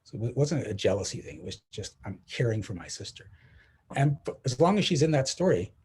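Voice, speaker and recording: A man leading a motivational workshop, telling stories with animated energy, acting out the voices he quotes and laughing often. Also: medium pitch, brisk, slightly rough. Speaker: coach.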